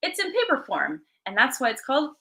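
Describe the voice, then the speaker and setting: A woman's voice: high-pitched, wildly swooping pitch, brisk, vocal fry, pushed and bright. A woman co-hosting a comic shop stream, chatting casually and laughing often at herself. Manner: giggly, self-deprecating. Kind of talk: casual chat.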